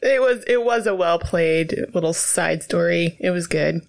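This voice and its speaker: A woman's voice: on the low side, unhurried, creaky. Teasing woman reacting with laughs. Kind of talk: casual chat.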